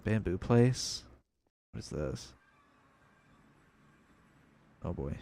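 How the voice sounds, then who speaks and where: A man's voice: fairly low pitch, big pitch swings, normal speed, no echo. A young man giving casual, rambling commentary on a video game as he plays, thinking aloud. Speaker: gameplay video creator.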